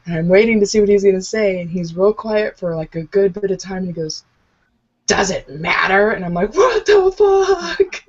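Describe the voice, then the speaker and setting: A woman's voice: medium pitch, steady tone, fast, hardly any pauses, dark tone. A woman co-hosting a podcast, telling stories in casual banter, swearing often and laughing. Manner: profane, laughing storyteller. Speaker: podcast co-host. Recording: dull lo-fi audio.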